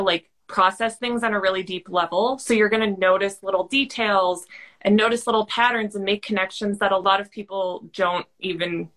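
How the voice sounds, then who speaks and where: A woman's voice: medium pitch, fairly bright tone. A woman who is a podcast guest, explaining things in a chatty, casual way and using "like" a lot. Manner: chatty, leans on a lot of "like" fillers. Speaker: interview guest. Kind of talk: casual chat.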